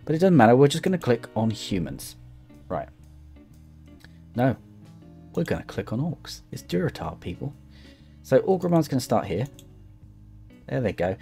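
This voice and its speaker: A man's voice: mid-range voice, very animated, normal speed, gravelly, long pauses, warm tone, soft background music. A young man giving casual, rambling gameplay commentary, thinking aloud as he clicks through a game. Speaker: gaming YouTuber.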